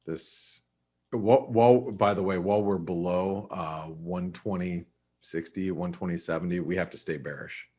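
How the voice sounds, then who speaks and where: Deep-voiced man talking through forex charts. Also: moderate pace, mellow, slightly rough. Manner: conversational, thinking aloud with restarts and asides. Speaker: forex market analyst. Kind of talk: live trading webinar commentary.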